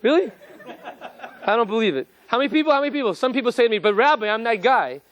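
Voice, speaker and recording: A man, a rabbi, giving an animated, joking lecture and quizzing his live audience. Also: extremely high pitch, fast talker.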